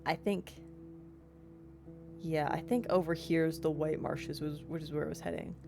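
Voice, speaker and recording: A chatty young woman streams a game, talking in a lower register and rambling cheerfully at the chat. Soft guitar music plays faintly behind her. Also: fairly even intonation, moderate pace, creaky. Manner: chatty, playful, self-described yapper. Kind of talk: casual let's-play chat.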